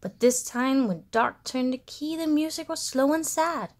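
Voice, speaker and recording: A woman reading a children's storybook aloud in an animated, sing-song way. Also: sits high, measured pace.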